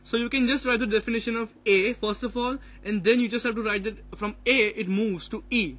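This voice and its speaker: A man's voice: high voice, steady tone, fairly quick, fairly bright tone. A man presenting a phonetics topic in class, partly reading out his notes and hesitating often with fillers. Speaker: student presenter.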